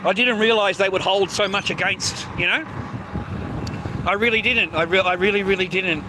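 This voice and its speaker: Recorded on a noisy street outdoors, an Australian vlogger in his fifties delivers a resentful, swearing rant at normal speed. His voice sits high, and he stumbles over himself as he keeps restarting.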